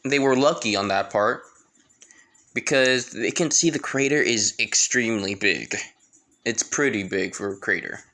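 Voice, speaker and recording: A man's voice: lowish voice, lively intonation, unhurried, sharp tone. A man telling a fan story in a casual, rambling way, with restarts and asides.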